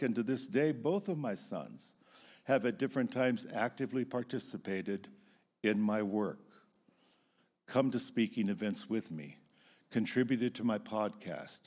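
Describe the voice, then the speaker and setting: A middle-aged man giving an earnest, expressive teaching talk as a Christian speaker, standing before an audience. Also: medium pitch. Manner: earnest and expressive, acting out emotional outbursts.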